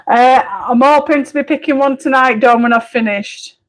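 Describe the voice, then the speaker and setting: A woman from Barnsley with a Barnsley Yorkshire accent, chatting casually on a colouring live stream at home, blunt and quick to laugh, with mild swearing. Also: high-pitched, rough recording. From Barnsley, England. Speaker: colouring livestreamer.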